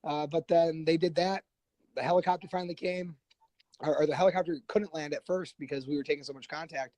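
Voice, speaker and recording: A man guest on a podcast telling a war story casually, animated and profane, acting out what others said. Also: a little high, a little fast, no echo, poor audio. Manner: animated, profane, acts out quoted voices.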